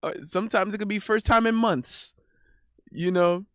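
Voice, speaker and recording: A man's voice: high voice, normal speed, a bit bright, dry recording, clean studio sound. A young man telling a rambling, casual story as a streamer, with lots of restarts and laughter.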